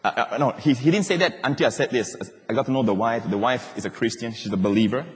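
Animated pastor in a reverberant hall. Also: male voice, mid-range voice, fast. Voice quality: animated, acts out quoted voices, laughs as he talks. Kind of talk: sermon with personal storytelling. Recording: long reverb of a large hall.

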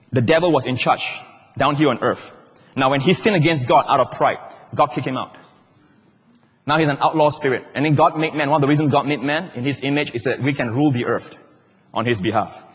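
Male pastor, husky voice, sermon delivery with teasing audience asides. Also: a little high, a little fast. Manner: playful, teasing asides to the congregation. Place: large church hall. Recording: long hall reverb.

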